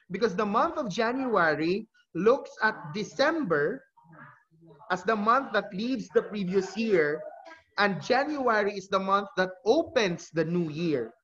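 A male teacher gives an online lecture. His voice sits high. The audio is muffled, as over a video call, and he fixes his own slips as he explains. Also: a bit bright. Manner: explanatory, with self-corrections. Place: home during a video call. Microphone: computer mic on a video call.

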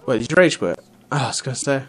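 A man's voice: medium pitch, lively intonation, quick pace, noisy background. A young man, casually rambling and swearing as he commentates his own gameplay. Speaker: let's play host.

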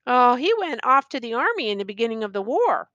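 A woman's voice: fairly high pitch, sing-song, a little fast, fairly bright tone, no echo, lo-fi sound. A woman voicing an old village man with a thin, piping voice. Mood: matter-of-fact.

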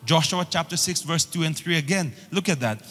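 A male pastor delivering a sermon, emphatic and repetitive, pushing phrases up in pitch as he builds. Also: brisk, fairly bright tone, in a large hall. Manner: emphatic preaching with repeated rising phrases.

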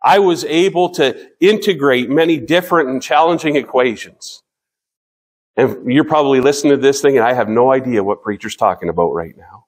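A man in his fifties preaching a sermon as pastor, earnest, slowing down to read scripture and often restarting his sentences. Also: mid-range voice.

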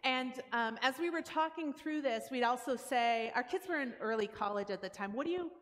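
A woman's voice: fairly high pitch, moderate pace. A woman giving a conversational church talk, explaining steps plainly and acting out everyday dialogue. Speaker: guest speaker at church. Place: church sanctuary. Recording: long church hall reverb.

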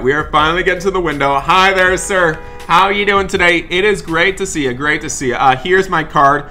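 Bright-voiced man, exasperated gaming commentary. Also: on the high side. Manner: exasperated, apologetic, rising to loud scolding. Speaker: gaming channel host. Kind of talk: role-play commentary over a game.

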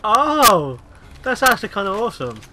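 A man's voice: a little high, animated, measured pace, sharp tone, faint music behind. A young man giving casual, rambling commentary while playing a video game, often exclaiming at the action. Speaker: gamer.

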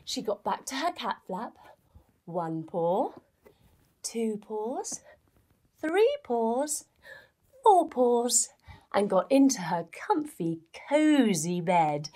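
Lady leading a kids yoga story, super lively sing-song voice, playful and expressive. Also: mid-range voice, slow. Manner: playful, expressive, guiding movements.

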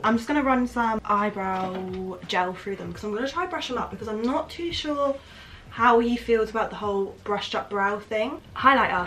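A woman's voice: mid-range voice, roomy sound, distant mic, background noise. A young woman chatting casually through her makeup routine for a vlog, rambling and correcting herself as she goes. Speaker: beauty vlogger.

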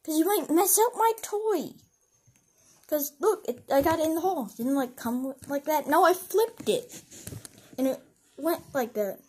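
A woman's voice: high-pitched, measured pace. A woman voicing Mario, fussy and bossy. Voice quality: protective, fussy and excitable. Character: bossy possessive male plumber with toy. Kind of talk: toy play-acting. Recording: noisy home recording.

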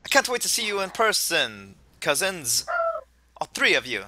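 A booming, cheerful island professor welcoming new trainers, as a man puts him on. The voice leaps around with lively swings and a bright, forceful edge, and he stays upbeat and playful throughout. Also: moderate pace. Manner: booming, playful, attempting a put-on island lilt.

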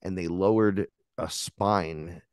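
Low-voiced man telling wild stories. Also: slow, clear, resonant tone, dry recording, studio quality. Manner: animated storytelling, swears freely, acts out voices in his anecdotes. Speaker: podcast guest. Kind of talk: casual chat.

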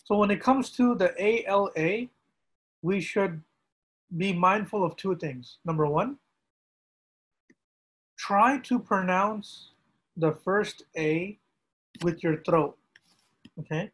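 A man, an imam, teaching how to pronounce a prayer, repeating each word slowly and drawing it out for practice. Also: high voice, a bit bright, low-quality recording. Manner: slow, deliberate, repeats words drawn out for practice. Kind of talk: pronunciation lesson with screen pointer.

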